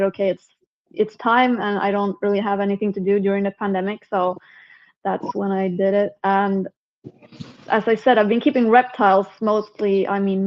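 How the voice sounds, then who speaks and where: A woman's voice: mid-range voice, highs cut off. Chatty Swedish-accented woman on a call. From Sweden. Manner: chatty, self-interrupting, laughs easily. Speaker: guest, herpetologist and venomous snake keeper. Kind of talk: casual remote interview.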